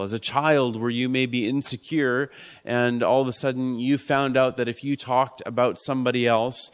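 Earnest male preacher, soft repeated phrases. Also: medium pitch. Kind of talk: sermon.

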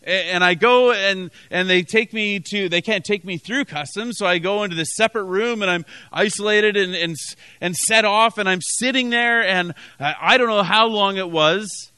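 A man's voice: high-pitched, normal speed, pushed and bright, clean tone, dry recording. A man from Canada preaching a sermon as pastor, telling a story with many restarts and emphatic repetition.

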